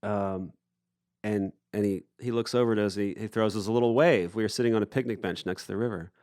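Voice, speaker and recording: A man's voice: fairly low pitch, quick pace, no echo. Man telling a story, dry close sound. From Appalachia. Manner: relaxed anecdotal, with fillers and acted-out quotes. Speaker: musician guest. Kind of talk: casual interview storytelling. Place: festival recording booth.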